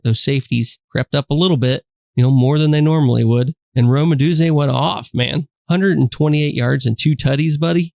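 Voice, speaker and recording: A man's voice: mid-range voice, creaky, darkish tone, dry recording, clean studio sound. A man co-hosting a sports podcast, chatting casually in a laid-back, joking, slangy way. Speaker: podcast co-host.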